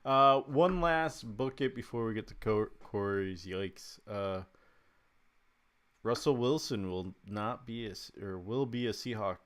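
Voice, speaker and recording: A man's voice: lowish voice, a little slow, a bit bright, clear, resonant tone. A man hosting a casual sports podcast, laid-back and laughing often, trailing off with fillers. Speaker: podcast host.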